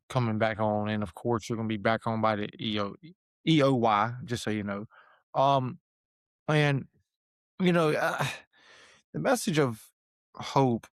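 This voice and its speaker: A man's voice: on the low side, creaky, no room sound. A man hosting a podcast, talking earnestly in a rambling way with many fillers and restarts. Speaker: podcast host. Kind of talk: casual podcast talk.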